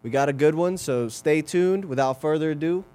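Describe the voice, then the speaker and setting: A man co-hosting a podcast, giving a relaxed, upbeat introduction. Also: on the high side, normal speed, faint music behind. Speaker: podcast co-host. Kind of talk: casual show intro.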